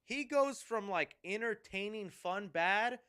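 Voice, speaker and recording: A man's voice: high voice, expressive, slow, sharp tone, smooth. A man giving a sarcastic, joking movie review commentary.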